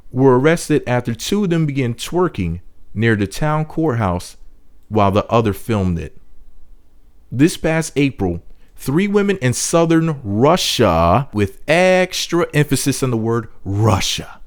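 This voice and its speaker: A man's voice: mid-range voice, very animated, normal speed. A man reading a news story aloud and breaking in with blunt, sarcastic, profane commentary. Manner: sarcastic, blunt and profane, jumping from wisecracks into heated ranting. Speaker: video commentator.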